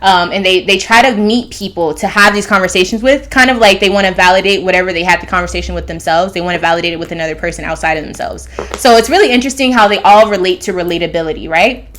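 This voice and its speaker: A fairly low-pitched but fairly bright-toned woman talks fast, with hardly any pauses, on her astrology channel. It's a casual, rambling monologue that jumps between thoughts, full of fillers and restarts.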